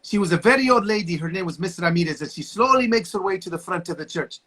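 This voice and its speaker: A man's voice: high voice, animated, fast, bright, forceful tone. A man in his forties, a guest on a video call, telling stories with passionate, preacher-like energy. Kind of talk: casual conversation.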